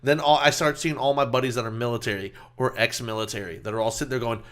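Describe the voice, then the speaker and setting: Young male co-host, rapid talker, rambling and profane. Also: medium pitch, fairly even intonation. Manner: rapid, rambling, swears often. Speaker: podcast co-host. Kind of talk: casual banter.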